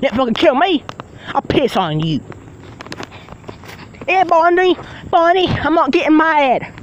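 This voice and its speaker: A performer voices a furious, foul-mouthed male villain in a fan-made machinima, raging, ranting, swearing and making threats. The voice is high with lively intonation and a slightly slow pace. Audio is dull with a little hiss or hum.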